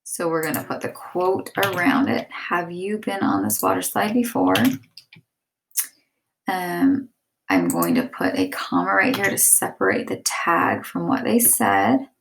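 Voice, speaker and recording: A woman's voice: on the low side, very animated, a little slow, creaky, a bit bright, slight background noise. A woman teacher explaining step by step and reading example sentences aloud. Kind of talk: classroom lesson.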